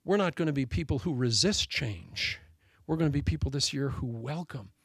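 A man preaching a sermon as pastor, telling a story with animated delivery and laughing at his own jokes. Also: medium pitch, moderate pace, slightly rough, dry recording, clean studio sound.

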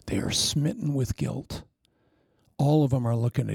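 A man preaching a sermon, telling stories with lively swings from shouts down to hushed whispers. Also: medium pitch, moderate pace, gravelly, husky, dry recording, clean studio sound.

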